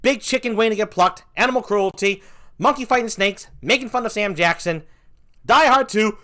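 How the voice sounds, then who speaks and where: A man's voice: sits high, fairly quick, sharp tone. A man doing comedic commentary as a vlogger, ranting with mock outrage.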